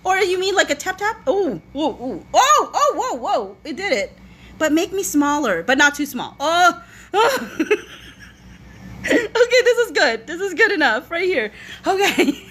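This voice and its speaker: Woman, very high voice, slow drawn-out talk, teary helpless laughter, live stream on a phone. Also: sing-song, fairly bright tone. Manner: laughing helplessly, teary, reading viewer comments aloud. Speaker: live-stream host reading comments. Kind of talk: casual live-stream chat. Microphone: phone front camera.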